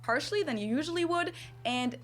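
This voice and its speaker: A woman's voice: high-pitched, fairly quick. Lady tips, demoing each sound. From Germany. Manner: demonstrating sounds clearly. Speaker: language video creator. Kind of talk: scripted explainer.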